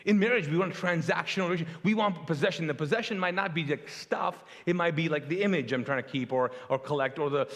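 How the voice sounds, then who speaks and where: A man's voice: a little high, fast, hardly any pauses, in a large hall. A middle-aged male pastor from Pakistan preaching a conversational sermon, telling stories with humor and acting out what people said. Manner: animated storyteller, acts out quotes, self-deprecating humor. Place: large church hall.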